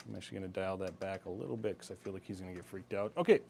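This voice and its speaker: A man's voice: low voice, racing, vocal fry, few pauses, a little mellow, husky. Chatty, laid-back man hosting a sale. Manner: chatty, laid-back, laughs easily, rambling asides. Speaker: live-stream sale host. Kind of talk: casual live-stream product presentation.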